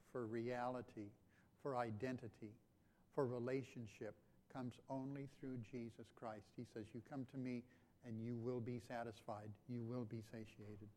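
A man preaching a sermon as pastor, dropping to quiet lines and then rising to loud, emphatic ones, often repeating his phrases. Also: mid-range voice.

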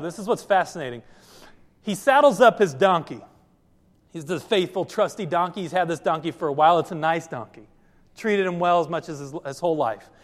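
Male pastor, sermon, lively storyteller, high voice, large hall with long reverb. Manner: lively storytelling, addresses listeners directly.

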